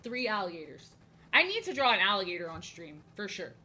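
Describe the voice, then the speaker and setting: A woman's voice: medium pitch, very animated, a little fast, bright, forceful tone, slight background noise, poor audio. A woman chatting casually on a live stream while she draws, rambling, repeating lines and poking fun at herself. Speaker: art streamer.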